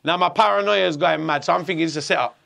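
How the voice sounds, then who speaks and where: Gravelly, high-pitched man telling a story. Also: quick pace. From England. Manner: animated, swearing, acts out voices. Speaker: guest. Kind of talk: storytelling interview.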